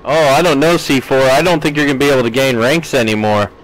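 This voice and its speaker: A fast-talking gaming streamer with a steady, mid-range voice plays a farming game live. He casually reads out his viewers' chat comments and replies with frequent laughs. The recording is rough.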